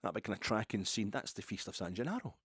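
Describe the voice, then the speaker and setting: A man's voice: fairly low pitch, animated, fast, fairly bright tone, husky, dry recording, studio quality. A man from Ayrshire with a Scottish accent, telling a rambling, digressive story in a casual monologue. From Ayrshire, Scotland. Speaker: football podcaster.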